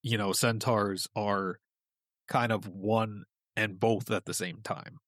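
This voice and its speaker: Guy with a lowish voice rambling thru a myth on a podcast, dry close sound. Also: steady tone, takes it slowly, a bit bright, dry recording. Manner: loose, rambling storytelling with lots of fillers. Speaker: podcast guest. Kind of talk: casual chat.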